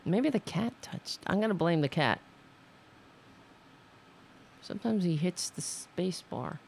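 Gravelly, animated woman hosting a livestream. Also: on the low side, slow, a little hiss or hum. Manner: profane, self-scolding, rambling. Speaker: livestream host. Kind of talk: casual livestream chat.

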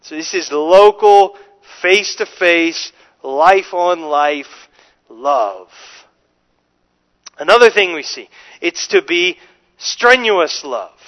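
A male pastor with a noticeably high voice delivers an earnest, emphatic sermon. He restarts sentences with repeated words and slows right down to lean on the phrases he wants to land. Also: expressive, fairly bright tone, rough recording. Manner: slows down to stress scripture phrases.

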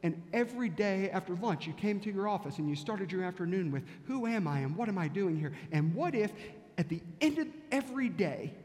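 A male pastor preaches with a high-pitched voice, building his sermon through story and rhetorical questions. A long reverb hangs after each phrase in a large church sanctuary. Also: darkish tone.

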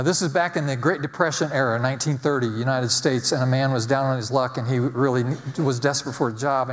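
A man's voice: mid-range voice, big-room sound. A man giving a conversational sermon, telling stories and asking the congregation rhetorical questions. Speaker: pastor.

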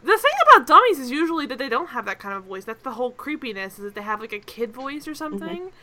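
A woman co-hosting a podcast, talking in a casual, animated way, often laughing and acting out quotes. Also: high voice, very fast. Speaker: podcast co-host. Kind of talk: casual chat.

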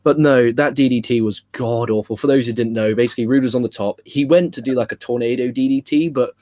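A man's voice: mid-range voice, fast, dry recording. Swearing, rambling young man. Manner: animated, rambling, swears freely. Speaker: podcast co-host. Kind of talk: casual wrestling review chat.

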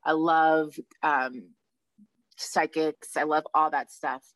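Woman, low-pitched, emotional chatty podcast host. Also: takes it slowly. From Long Island, New York. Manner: emotional, animated storytelling with many restarts. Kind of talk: casual podcast chat.

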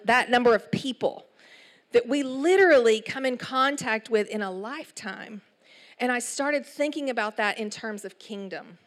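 A middle-aged woman with an East Texas accent, preaching a sermon in an animated storytelling way with asides. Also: a little high. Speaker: church speaker.

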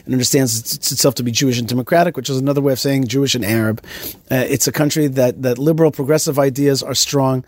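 A man hosting a podcast, telling stories in a lively, animated way with many restarts. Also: mid-range voice, dry recording. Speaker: host. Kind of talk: casual podcast conversation.

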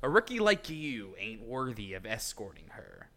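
A man voicing a surly, contemptuous gangster, pushing his voice low and scornful. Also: animated, normal speed, fairly bright tone. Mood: sneering.

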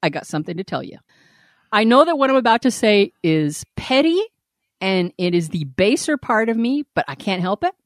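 Animated, profane woman telling a story. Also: mid-range voice, moderate pace, no echo, studio quality. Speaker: podcast co-host. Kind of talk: casual podcast chat.

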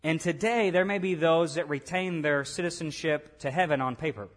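A man's voice: a little high, moderate pace, fairly bright tone. A man preaching a sermon, earnest and repeating key phrases for emphasis. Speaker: pastor.

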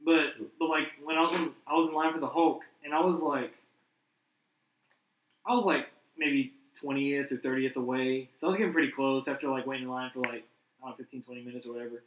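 A man's voice: mid-range voice, steady tone, a little fast, a bit bright. A young man chatting casually, rambling with lots of "like" as he tells a story. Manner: rambling, many "like" fillers. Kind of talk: casual chat. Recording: roomy, from far off the mic.

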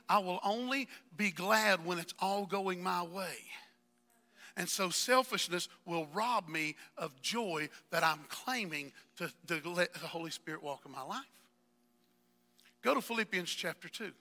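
Fervent male pastor, very high and piercingly bright, preaching with long hall reverb. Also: measured pace, creaky. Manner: fervent, addresses congregation members by name, builds to shouting. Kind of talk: sermon. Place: church sanctuary.

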